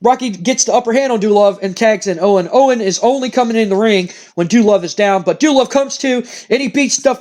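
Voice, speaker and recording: Very high-pitched excitable male gamer. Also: a little fast, hardly any pauses. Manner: excitable, repeats phrases, stumbles and swears when surprised. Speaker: gaming channel host. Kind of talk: excited play-by-play of a wrestling sim.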